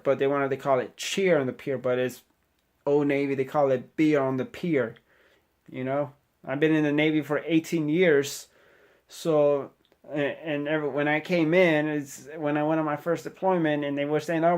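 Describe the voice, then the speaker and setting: This middle-aged man, a sailor in the Navy, has a somewhat high, slightly mellow voice. Addressing the camera, he gives a loose motivational speech that rambles and preaches, sprinkled with "you know," urging the viewer on directly.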